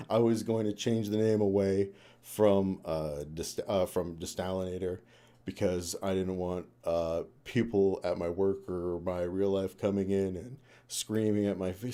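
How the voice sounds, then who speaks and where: A young man with a low, mellow voice chats loosely on a live stream. He rambles, swears freely and laughs between thoughts. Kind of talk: casual live-stream chat. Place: home room.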